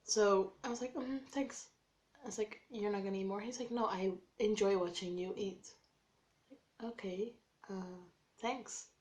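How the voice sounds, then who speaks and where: Woman animatedly telling a story to camera. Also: medium pitch. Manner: animated, acts out quoted dialogue with many "like"s. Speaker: vlogger.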